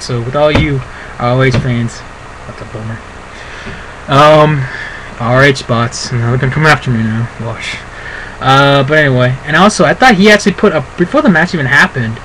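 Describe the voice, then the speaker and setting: A man's voice: mid-range voice, a bit bright, slight background noise, rough recording. A man giving a casual, rambling spoken review, full of fillers and asides. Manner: rambling, chatty, many fillers. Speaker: wrestling show reviewer.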